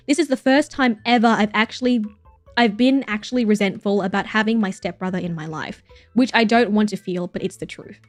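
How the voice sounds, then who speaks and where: A woman's voice: medium pitch, fairly quick, no echo. A young woman streamer chatting casually as she reacts to stories, laughing often and swearing freely. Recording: dry close mic with faint music behind.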